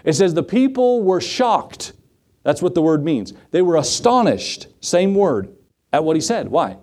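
A middle-aged male pastor preaching a sermon in a voice pitched a little high but mellow and dark in tone. He asks the congregation questions and briefly acts out the voices of the people in his stories. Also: big pitch swings, a little slow. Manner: dramatic voices for quoted figures, rhetorical questions to the congregation.

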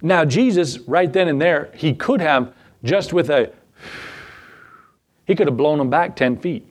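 A man's voice: a little high, expressive, a little slow. Folksy man teaching the Bible. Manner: folksy, asks the listeners rhetorical questions. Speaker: pastor.

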